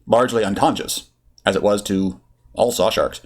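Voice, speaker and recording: A man reading a story aloud in a lively way, with casual asides. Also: on the low side, normal speed, slightly rough. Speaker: reader. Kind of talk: reading fan fiction aloud.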